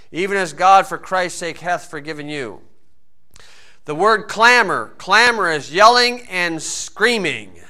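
A man preaching a sermon in a folksy storytelling way, swinging between loud emphasis and quiet asides. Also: high-pitched, smooth.

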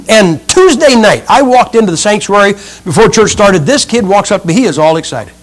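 A man's voice: sits high, animated, moderate pace, poor audio. A middle-aged male preacher giving a humorous sermon, acting out the people in his stories. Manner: humorous storytelling, acts out quotes.

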